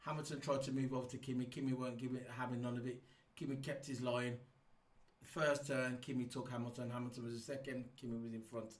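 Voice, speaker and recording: A man giving a casual, rambling race review, excitable and full of ums and restarts. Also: mid-range voice, fast talker, far from the mic. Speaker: F1 YouTube reviewer. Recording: echoey room, set back from the mic.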